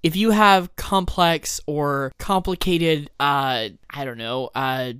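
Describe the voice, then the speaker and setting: A man co-hosting a casual podcast, telling an excited, rambling story. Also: fairly high pitch, slow, clear, resonant tone, no room sound, studio quality. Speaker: podcast co-host. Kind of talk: casual chat.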